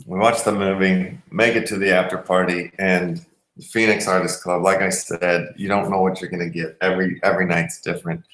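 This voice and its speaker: A man's voice: low-pitched, little pitch movement, brisk, a bit bright, echoey room, low-quality recording. A man hosting a podcast, telling a story in casual chat and rambling with restarts mid-sentence. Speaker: podcast host.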